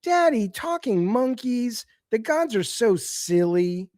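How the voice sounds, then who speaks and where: A man's voice: sing-song, takes it slowly, a little mellow, dry recording, studio quality, full character voice. A man putting on the voice of a whiny little girl to mock her. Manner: high-pitched, mocking.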